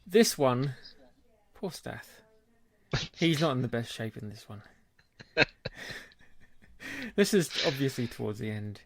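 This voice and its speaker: A man co-hosting a casual podcast chat, chummy and quick to laugh. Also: mid-range voice, animated, vocal fry, fairly bright tone, no echo. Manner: chummy, laughs often, calls people mate. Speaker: podcast co-host.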